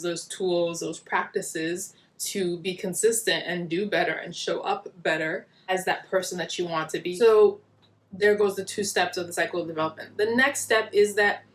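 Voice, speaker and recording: A woman's voice: fairly low pitch, steady tone, moderate pace. A woman hosting her own wellness channel, chatting to camera at home in a friendly, explaining way while eating. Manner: friendly, explanatory, addresses viewers directly. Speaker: wellness vlogger and channel host. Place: small home indoors.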